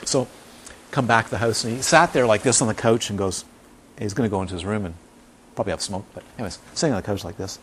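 In a lowish voice and at a fast clip, a man gives an informal dharma talk as a meditation teacher. He tells animated stories, repeats himself for emphasis, and acts out the voices of quoted people, over a faint hiss or hum.

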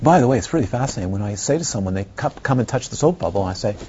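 A male Buddhist teacher gives a lively dharma talk, firing off rhetorical questions. His voice sits at an ordinary middle pitch. The recording is dull and slightly lo-fi, with a faint hiss underneath. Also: very fast. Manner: animated, rhetorical questions, acts out others' reactions.

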